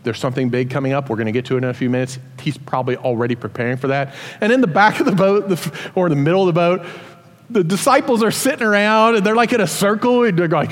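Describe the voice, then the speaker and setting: Man, preacher, sermon, high voice, animated storytelling, reverberant hall. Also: rapid-fire. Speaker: pastor.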